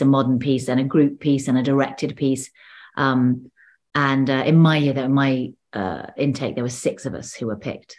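Woman, low pitch, casual interview chat, video call, chatty with restarts. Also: a little mellow. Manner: chatty, restarts often, laughs between stories. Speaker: actor and guest.

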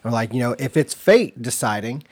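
A man co-hosting a casual podcast, recounting a story in a laid-back way, clearing his throat now and then. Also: medium pitch, animated, a little fast, a little mellow. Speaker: podcast co-host. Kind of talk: casual chat.

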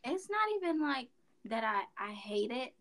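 Frustrated young woman, slow and repetitive. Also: a little high, very animated, a bit bright. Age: young adult. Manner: frustrated, slow, repeating her phrases. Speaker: guest, daughter. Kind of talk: casual podcast chat.

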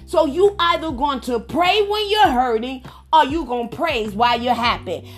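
A woman's voice: high voice, animated, normal speed, faint music behind. A woman minister preaching fervently on a prayer line, exclaiming often and repeating phrases for emphasis. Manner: calls on listeners by name for responses. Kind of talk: preaching sermon.

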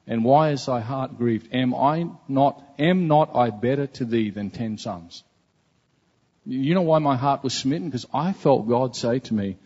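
A man's voice: medium pitch, warm tone, slightly rough. A man preaching a sermon as a pastor, earnest and conversational, often repeating himself. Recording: dull, reverberant hall recording.

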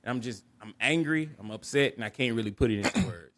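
A man's voice: medium pitch, fast, a bit bright, dry recording. A man co-hosting a podcast, candidly telling a personal story in an earnest, reflective way and often restarting and repeating words. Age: adult. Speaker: podcast co-host.

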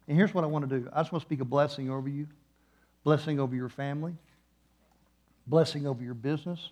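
A man preaching a sermon in a church, moving between hushed, slow passages and loud, passionate peaks. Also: a little high, fairly even intonation. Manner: impassioned, swings from hushed to loud. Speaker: guest preacher.

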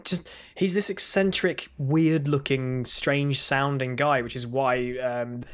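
A man's voice: medium pitch, fairly even intonation, slow pace, a bit bright, clear, resonant tone. A man co-hosting a podcast, talking casually and rambling with many restarts. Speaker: podcast co-host.

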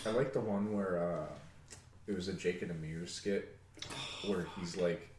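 A man's voice: low voice, steady tone, measured pace, a little mellow. A young man in casual chat, swearing freely and laughing as he retells comedy sketches. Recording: echoey room, far from the mic, crowd noise behind.

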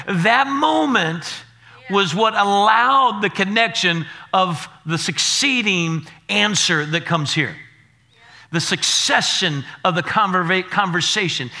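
A man pastor preaching a sermon, building to shouted, repetitive declarations. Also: high-pitched, expressive, measured pace.

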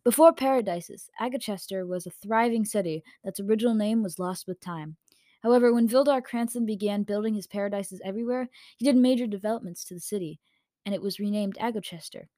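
A woman's voice: mid-range voice, brisk, mellow, dry recording. A woman reading a story aloud in a casual way, with slips and corrections, into a home microphone. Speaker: story reader.

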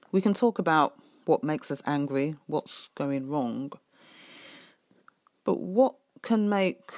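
A middle-aged woman, telling her own story as a parent in an emphatic, animated way. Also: sits low, no room sound, clean studio sound. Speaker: parent sharing her experience. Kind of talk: personal podcast testimony.

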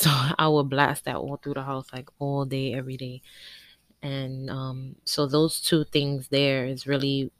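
A woman in her twenties from Harlem, New York City, speaks in a low voice as she hosts her own podcast. She tells her story candidly and with emotion, with frequent ums and small laughs. The recording is dry, with no room sound. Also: no echo. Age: 20s. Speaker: podcast host.

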